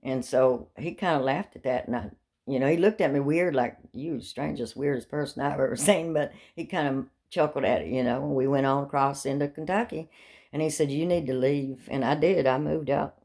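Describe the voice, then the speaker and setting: This middle-aged woman has a brisk, slightly mellow bass voice. As a vlogger, she rambles chattily through her own life stories, full of morbid humor and frequent laughter.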